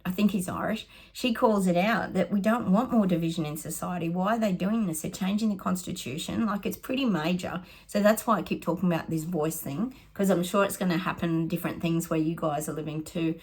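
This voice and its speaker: A woman's voice: lowish voice, a little fast, few pauses, slightly rough. A middle-aged Australian woman, a psychic giving casual predictions, chatty and sarcastic, often laughing.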